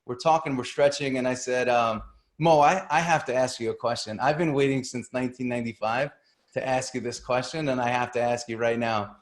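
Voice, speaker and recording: A man's voice: medium pitch, steady tone, a little fast, roomy sound. A man, a guest coach, telling a story on a call in an earnest way, often repeating words as he starts a thought.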